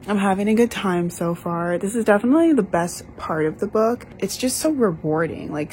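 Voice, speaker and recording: A woman's voice: fairly low pitch, expressive, normal speed, a little mellow, a little hiss or hum. A young woman filming a casual book vlog, gushing and emotional, often laughing as she talks. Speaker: book vlogger. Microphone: camera mic.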